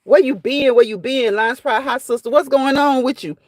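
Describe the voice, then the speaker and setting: A woman's voice: high-pitched, moderate pace, darkish tone, no echo. A woman hosting a casual live stream, reading viewers' comments aloud and reacting to them in a chatty way that often repeats phrases.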